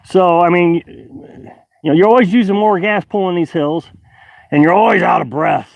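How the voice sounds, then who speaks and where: A man's voice: high-pitched, normal speed, gravelly, dry recording, lo-fi sound. A man hosting a casual outdoor live stream, reading chat aloud and rambling with many fillers and restarts. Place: outdoors at a high-altitude campsite.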